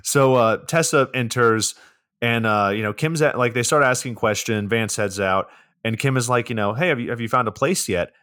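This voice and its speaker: A man's voice: medium pitch, normal speed, a bit bright, clear, resonant tone, no room sound, clean studio sound. A man co-hosting a podcast, recapping a movie in a blunt, incredulous and profane way. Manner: blunt, incredulous, swears often. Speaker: podcast co-host. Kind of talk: casual movie recap chat.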